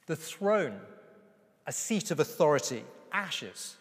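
A man's voice: on the high side, very animated. Man preaching in an echoing hall. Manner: emphatic, slows down to read scripture. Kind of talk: sermon. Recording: reverberant hall.

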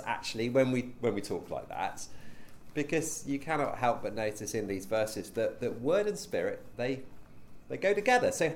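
A man's voice: on the low side, lively intonation, fairly quick, a little mellow, slight background noise. A man leading a teaching session as a preacher, conversational, with frequent ums and rhetorical questions.

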